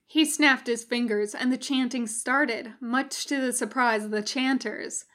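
A woman reading fan fiction aloud as a podfic narrator, in an even storytelling manner. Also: a little high, unhurried, hardly any pauses. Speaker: podfic reader.

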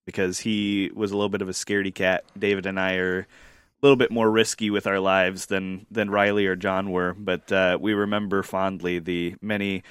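A man co-hosting a podcast, telling stories in a rambling casual way with many fillers and pauses. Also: low voice, flat delivery, a bit bright, smooth, no room sound, clean studio sound. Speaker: podcast co-host. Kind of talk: casual storytelling chat.

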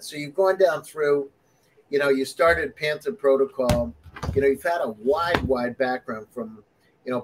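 A man's voice: fairly high pitch, slight background noise, rough recording. A man hosting an interview, asking questions and reacting enthusiastically to the answers. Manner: enthusiastic, quick to react with praise. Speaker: interview host. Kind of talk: interview conversation.

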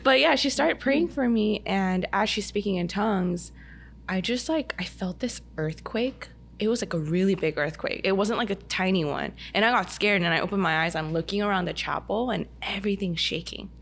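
A woman guest on a podcast, telling a personal story in a chatty, animated way with lots of "like". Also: mid-range voice, normal speed, gravelly, slight background noise. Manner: chatty, heavy use of "like", animated retelling. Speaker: podcast guest, dance studio owner. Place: indoor podcast table over a meal.

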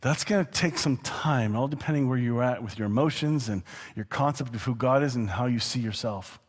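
A man preaching a sermon in a relaxed, conversational way, with quick asides and chuckles. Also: medium pitch, husky. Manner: conversational, chuckling, slows down to read scripture. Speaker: pastor. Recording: long hall reverb.

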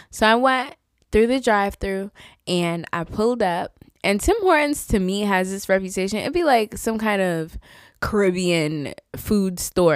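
A woman hosting her own podcast, telling stories in a sassy, animated, casual way with playful asides. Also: on the low side, no room sound, studio quality. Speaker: podcast host. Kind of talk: casual solo podcast chat.

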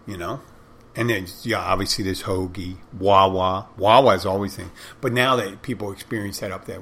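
A man's voice: lowish voice, brisk, a bit bright, slight background noise. Rambling man, casual monologue. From Philadelphia, Northeast. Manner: rambling, profane, folksy.

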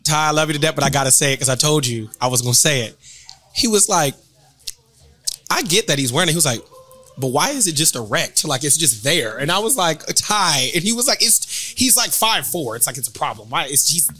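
A man who is a guest performer, chatting casually at a bar, playful and quick to jump in. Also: on the high side, expressive, bright, forceful tone. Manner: playful, interjecting.

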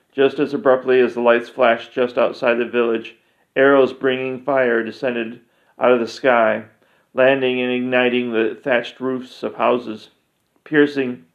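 A man reading a fantasy story aloud in a steady, deliberate narration. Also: medium pitch. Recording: dull lo-fi recording.

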